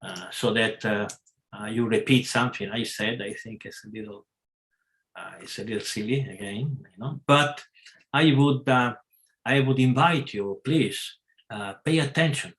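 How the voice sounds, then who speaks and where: Slow, halting man teaching a scripture class. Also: medium pitch, a bit bright. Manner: halting, many pauses and self-corrections. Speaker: class speaker.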